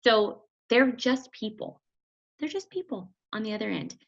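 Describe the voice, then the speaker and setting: A woman giving energetic, chatty motivational coaching talk to a group, often acting out quotes. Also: on the high side, moderate pace, vocal fry, lo-fi sound. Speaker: fitness business coach.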